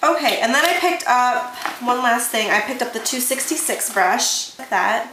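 Recorded in an echoey room with faint hiss, a young beauty vlogger chats casually and enthusiastically about her makeup haul, repeating words to stress them. Her voice is on the high side, bright and forceful, with lively intonation at a moderate pace.

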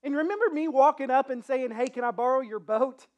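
A pastor voicing Jesus as a gentle man who softly recalls old times with a friend during a dramatized sermon story. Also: high-pitched, brisk, natural voice. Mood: reminiscing.

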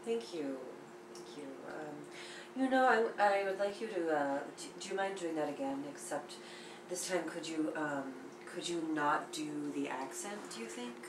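A woman's voice: sits low, expressive, normal speed, background noise. A woman running an audition, polite but awkward and hesitant. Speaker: casting director. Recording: roomy echo, far from the mic.

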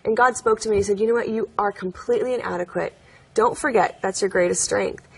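Husky-voiced woman telling her story. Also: mid-range voice, quick pace. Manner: earnest, chatty, laughs often, many fillers. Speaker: guest. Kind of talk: interview storytelling.

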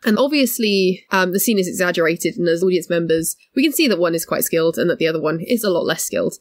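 A woman co-hosting a podcast in casual discussion, talking in a thoughtful, analytical way that builds her points slowly. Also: on the low side, expressive, no room sound, studio quality. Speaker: podcast co-host.

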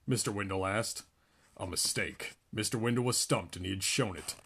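A man reading a book aloud in an animated way, often laughing between lines. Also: lowish voice, moderate pace, slightly rough. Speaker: reader.

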